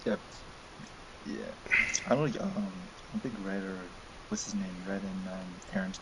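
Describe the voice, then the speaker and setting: A young man chatting on a game stream, telling stories in an excitable, rambling way full of fillers. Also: low-pitched, unhurried, creaky. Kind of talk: casual chat during a game stream. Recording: noisy home stream audio.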